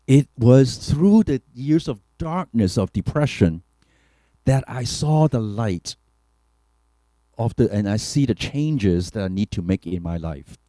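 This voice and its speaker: A man's voice: medium pitch, expressive, slow pace, mellow, dry recording. A man, a pastor giving an earnest, reflective testimony talk with hesitant fillers. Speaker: pastor and keynote speaker.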